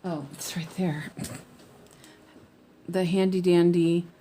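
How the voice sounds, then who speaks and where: Slow, low-voiced woman chatting while stitching. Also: fairly even intonation, dark tone, a little hiss or hum. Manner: chatty, mumbling to herself while working, laughs often. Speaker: cross-stitch crafter. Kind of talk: casual stitch-along chat.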